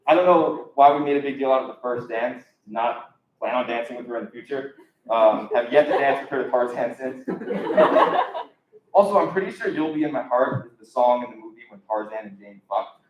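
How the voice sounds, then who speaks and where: A man's voice: mid-range voice, normal speed, slight background noise. A young man doing a live stand-up comedy set, talking casually and rambling with lots of ums. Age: young adult. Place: live comedy show in an echoey room. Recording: echoey, dull lo-fi room recording.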